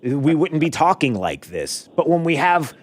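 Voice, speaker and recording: A man's voice: very animated, a little slow. A man hosting a talk radio show, taking callers with sarcastic, mock-exasperated remarks. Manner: sarcastic, mock-exasperated, jumps up in pitch for emphasis.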